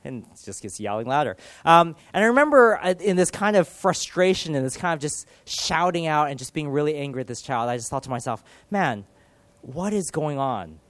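A man in his thirties delivers a sermon in an earnest, animated way, pushing some lines hard and dropping others to near quiet. His voice sits a little high for a man. The sound is dry and close. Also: brisk, few pauses, no echo. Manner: earnest, animated, with dramatic shifts in loudness. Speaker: pastor.

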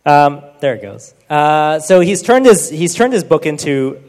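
A man giving an informal, earnest Bible teaching talk, often dropping to a hushed tone for emphasis. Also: fairly high pitch, animated, unhurried. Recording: long reverb.

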